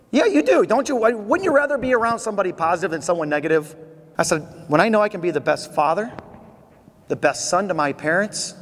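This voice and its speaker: A middle-aged man giving a motivational keynote speech, telling stories with animated energy and drawing call-and-response from the audience. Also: sits high. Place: large convention hall. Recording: echoey convention hall, faint noise.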